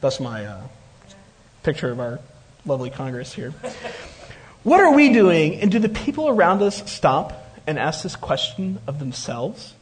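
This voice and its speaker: A man's voice: on the high side, sing-song, unhurried, long pauses, slight background noise. A man preaching a conversational sermon, retelling a scripture story with joking asides.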